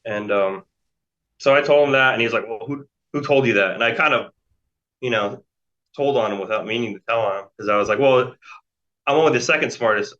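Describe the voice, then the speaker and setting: An American man in his forties, a guest in an interview, casually rambles through a long story with lots of fillers and restarts. His delivery is brisk, his voice medium-pitched with a fairly bright tone. The audio is dull lo-fi.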